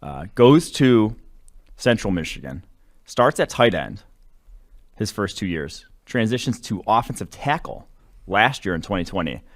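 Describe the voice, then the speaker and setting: A deep-voiced man breaks down football prospects on a podcast, rambling and correcting himself as he goes. His talk is casual and loose, full of "like" and "uh.". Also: big pitch swings, unhurried. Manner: rambling, filler-heavy, self-correcting. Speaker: draft analyst co-host. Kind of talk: casual sports analysis chat.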